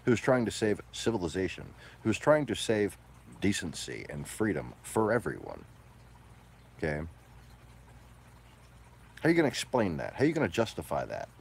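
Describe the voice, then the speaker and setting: A man delivering a profane, combative ranting monologue, moving between low mutters and loud outbursts. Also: creaky, breathy edge.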